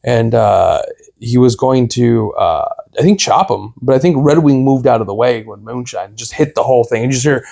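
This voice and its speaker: A man co-hosting a wrestling podcast, talking in a laid-back way with fillers and pauses. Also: mid-range voice, expressive, gravelly, warm tone. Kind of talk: casual chat.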